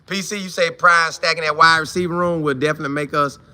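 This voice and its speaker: A man hosts a loose, chatty live show, reading out viewers' comments and greeting them one by one. His voice sits a bit high and rings very bright. He leans on repetition, saying a line twice to drive it home. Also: steady tone, fast talker, clear, resonant tone. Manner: greets viewers by name, repeats phrases for emphasis. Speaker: host of a college football fan show.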